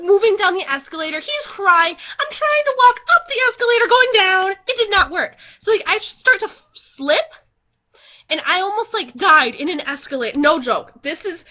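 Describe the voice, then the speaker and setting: High-voiced chatty teen girl vlogger. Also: lo-fi sound. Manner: chatty, lots of "like" fillers, gets loud when excited. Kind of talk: casual storytelling vlog.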